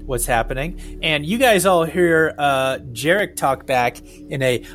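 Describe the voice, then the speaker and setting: A man's voice: a little high, expressive, a little slow, fairly bright tone, faint music behind. A man hosting a tabletop podcast and narrating the scene as game master, with loose, filler-filled description.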